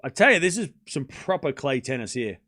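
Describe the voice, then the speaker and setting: A man hosts a live tennis watchalong, his mid-range voice sing-song, brisk, pushed and bright. He fires off short calls on each shot, and between points he drifts into loose chat with his viewers, swearing casually as he goes.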